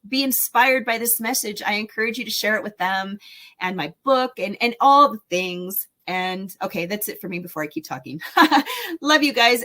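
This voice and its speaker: A woman's voice: a little high, sharp tone. A woman in her forties hosting a solo podcast, talking in an enthusiastic, encouraging, rambling way with fillers. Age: 40s. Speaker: podcast host and speaker. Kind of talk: casual solo podcast talk.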